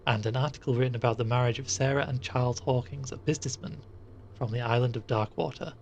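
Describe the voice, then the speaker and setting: A man's voice: medium pitch, fairly even intonation, quick pace, creaky, muffled recording. Guy chatting while he plays a game on stream, jokey, rambly, faint background hiss. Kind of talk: live gameplay commentary.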